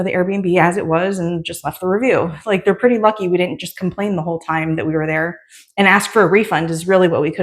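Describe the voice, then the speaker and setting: A pregnant woman hosts a tarot reading in a loose, chatty way, full of fillers and asides. Her voice sits in an ordinary middle pitch. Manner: chatty, rambling storytelling with many fillers. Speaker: tarot reader. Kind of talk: casual chat and tarot reading.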